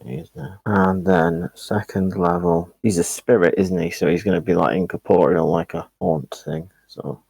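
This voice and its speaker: A man, a player at a tabletop game, mutters to himself as he works through his turn. His voice is very low and husky. The room is dry with no echo. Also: level tone, normal speed, few pauses, a little mellow. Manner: mutters to himself while planning moves.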